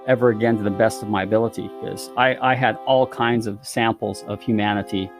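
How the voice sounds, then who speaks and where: A man's voice: fairly low pitch, fairly even intonation, a little fast, soft background music. A man who is a guest on a podcast, telling a story in a theatrical way and playing up the drama. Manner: theatrical, exaggerating for effect. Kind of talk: animated storytelling.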